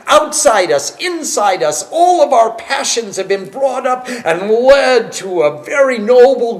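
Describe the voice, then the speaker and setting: Guy teaching a spiritual class, really high voice, slow and drawn out, swings up and down a lot, laughs through his stories. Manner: animated and emphatic, laughing as he tells stories. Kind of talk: devotional class lecture with storytelling.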